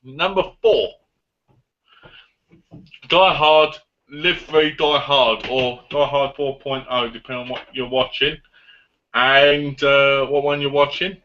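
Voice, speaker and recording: A man chatting as a guest on a live online stream, excitable and rambling. His voice is bright and forward, coming through a computer mic with dull, lo-fi call audio. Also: mid-range voice, takes it slowly, long pauses. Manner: excitable, rambling movie talk. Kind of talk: casual live chat.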